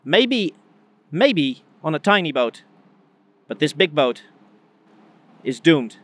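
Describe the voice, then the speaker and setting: Man, Dutch accent, emphatic and dramatic address, slightly high pitch. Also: sing-song, slow. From Netherlands. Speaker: speaker addressing the British. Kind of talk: earnest political address.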